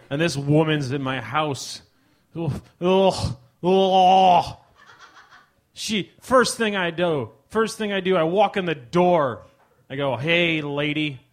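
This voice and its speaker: A man hosting a live comedy show, delivering a mock-outraged stand-up monologue that swings between loud bursts and mumbled asides. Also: medium pitch. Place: live ballroom stage.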